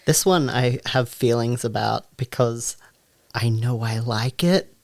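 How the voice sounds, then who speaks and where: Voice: medium pitch, measured pace, vocal fry, dry recording. A podcast co-host in casual chat, talking frankly and directly, with sudden rising asides.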